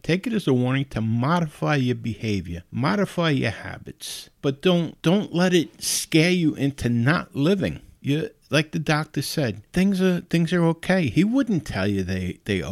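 A man's voice: on the high side, sing-song, unhurried, gravelly, few pauses, dry recording, clean studio sound. A middle-aged man hosting a podcast, giving casual advice and telling personal stories in an earnest, folksy, pleading way. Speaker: podcast host.

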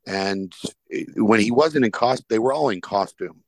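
A man's voice: lowish voice, moderate pace, dry recording. A man hosting a podcast, telling stories in a casual chat and acting out the people in them. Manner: animated anecdote telling, acts out quoted characters. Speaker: podcast host.

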